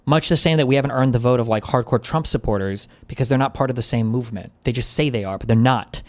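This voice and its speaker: A man's voice: mid-range voice, fast talker. A man commentating on a podcast clip, blunt and exasperated, sighing often. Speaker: streamer reacting to a podcast. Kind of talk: reaction commentary.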